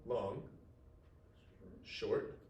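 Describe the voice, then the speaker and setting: A man teaching a Latin class, talking to his students in a casual, animated way. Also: on the low side, drawn-out words, reverberant, muffled recording, slight background noise. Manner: casual and animated, talks to students as "dude" and "y'all". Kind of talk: classroom lecture.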